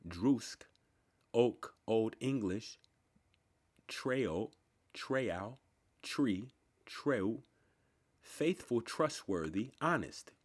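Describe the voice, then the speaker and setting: Man reciting definitions word by word, low voice, unhurried delivery. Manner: slow, deliberate word-by-word recitation. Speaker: channel host. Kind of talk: reading dictionary entries aloud.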